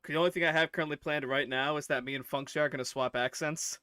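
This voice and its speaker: Bright, crisp-voiced man hosting a podcast. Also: a little high, fairly even intonation, fast, dry recording, studio quality. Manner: laughs often, wraps up the show. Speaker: podcast host. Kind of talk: casual podcast chat.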